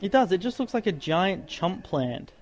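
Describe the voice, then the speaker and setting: A man's voice: high-pitched, big pitch swings, normal speed, darkish tone. A man giving casual, sarcastic let's-play commentary as he plays, ranting and exclaiming at the game. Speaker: gaming commentator and podcaster.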